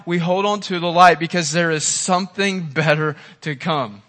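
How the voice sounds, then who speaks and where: A man delivers a sermon with a bright, forceful edge to his voice, sitting a little higher than most men. He drops to near-hushed tones, then climbs into loud, impassioned peaks, often posing questions to the congregation. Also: moderate pace, hardly any pauses. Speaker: pastor. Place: church.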